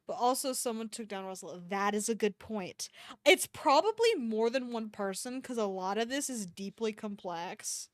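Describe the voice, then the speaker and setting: A woman's voice: on the high side, lively intonation, moderate pace, no room sound, clean studio sound. Joking woman streamer, swearing asides. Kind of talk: reading fanfiction aloud with live commentary.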